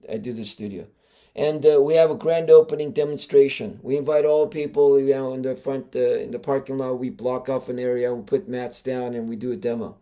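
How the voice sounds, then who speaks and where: A man, a martial arts grandmaster hosting a podcast, tells stories in a casual, animated way, stressing key words and often restarting with fillers. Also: medium pitch. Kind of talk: casual storytelling.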